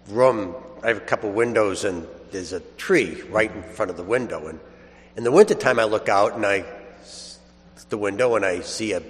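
Man preaching a homily in a reverberant church. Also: lowish voice. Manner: conversational storytelling with chuckles. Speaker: priest. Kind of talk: sermon.

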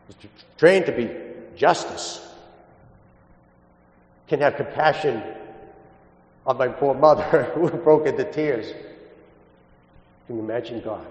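A man's voice: medium pitch, darkish tone. A man, a Catholic priest or deacon, giving a homily with folksy personal stories mixed with scripture. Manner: folksy storyteller, mixes personal anecdotes with scripture. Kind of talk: gospel reading and homily. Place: large church. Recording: echoey church with long reverb.

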